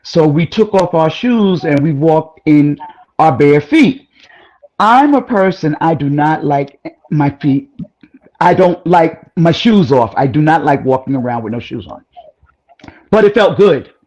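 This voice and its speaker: A woman guest in a casual chat, telling a personal story in an animated, rambling way with frequent exclamations. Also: sits low, measured pace, low-quality recording.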